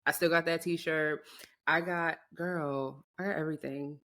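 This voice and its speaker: A woman's voice: sits low, unhurried. A woman in her thirties co-hosting a podcast, telling stories in a chatty, slangy way. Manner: chatty, drops slang, animated storytelling. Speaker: podcast co-host. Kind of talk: casual chat.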